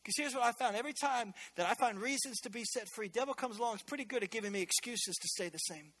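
A man preaching a sermon as pastor in a church, energetic and conversational, with joking asides. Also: extremely high pitch, fast talker.

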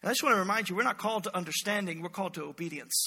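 Male pastor, high and very bright, playful animated sermon, long hall reverb. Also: very fast, slightly rough. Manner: animated, joking, voices characters in quotes. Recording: echoey hall.

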